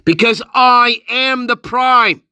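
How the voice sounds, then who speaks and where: Guy ranting on his stream, super slow and sarcastic, dry close sound. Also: extremely high pitch, pushed and bright, clean tone, no echo. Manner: slow, mocking, profane rant, reading and repeating a statement. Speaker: channel host. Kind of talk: livestream commentary.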